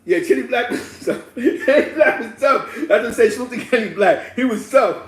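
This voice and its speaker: A man telling a street story in slangy, animated casual talk, laughing and acting out the people in it. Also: extremely high pitch, normal speed. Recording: roomy echo, distant mic, faint ambience.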